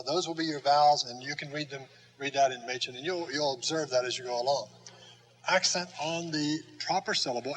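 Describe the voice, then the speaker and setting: An older man lectures on grammar at a slow, deliberate pace. His voice sits a little high for a man. He pauses often on "uh" and repeats key terms for his students. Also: a bit bright, low-quality recording. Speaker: Greek teacher. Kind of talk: recorded classroom lecture.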